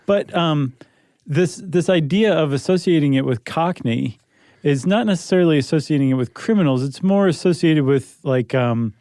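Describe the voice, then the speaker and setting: A man's voice: on the high side, normal speed, warm tone, no room sound. A man co-hosting a podcast, chatting casually and joking around with his co-host. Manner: chatty, joking, laughs often. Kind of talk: casual chat. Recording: dry close studio sound.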